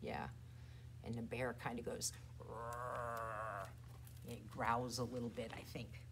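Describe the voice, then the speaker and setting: A very deep-voiced woman works as a children's librarian, reading a picture book and rhymes to toddlers in exaggerated soft and loud turns. She keeps a steady tone at a moderate pace, against slight background noise.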